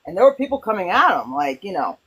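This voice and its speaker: A woman with a low, husky voice shares stories and ideas in a spiritual chat. She talks in an animated way and often stops to restart her sentences. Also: fast, low-quality recording. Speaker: host. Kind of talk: spiritual conversation, storytelling.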